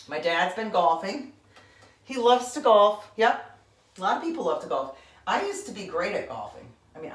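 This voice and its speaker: Recorded on a distant mic in a reverberant space, this low-pitched Connecticut woman in her forties leads a painting tutorial. As an art instructor, she drifts into chatty asides and keeps asking "okay?" along the way.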